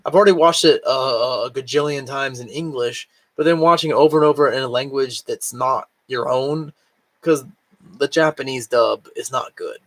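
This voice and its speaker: A man's voice: mid-range voice, moderate pace, a bit bright. A man vlogging casually at home with a rambling, filler-heavy way of talking, his voice still worn from recently losing it. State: recovering from lost voice, can't reach high notes. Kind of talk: casual chat. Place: home, cat nearby.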